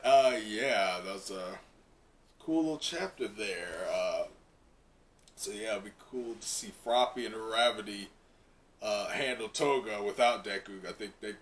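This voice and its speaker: A man's voice: mid-range voice, fairly bright tone, recorded from a distance. A man hosting a casual live reaction to a comic, rambling with lots of fillers and chuckles. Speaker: manga reaction host.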